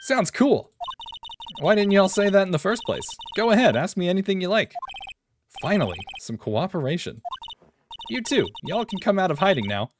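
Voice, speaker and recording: A man putting on a loud, drawling Southern woman. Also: sing-song, normal speed, noisy background. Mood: friendly. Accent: American Southern. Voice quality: exaggerated drawl, high and loud.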